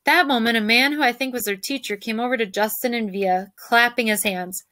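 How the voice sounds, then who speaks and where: Brief: woman teacher reading a novel aloud to her class, lively, dry close sound. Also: fairly high pitch, a little fast, few pauses, no echo. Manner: lively, shifts voices for characters.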